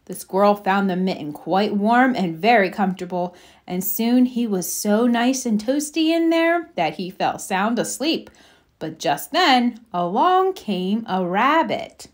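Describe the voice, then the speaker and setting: A woman reading a children's picture book aloud in a slow, expressive, sing-song way. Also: on the high side. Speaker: children's story reader. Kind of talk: storybook read-aloud.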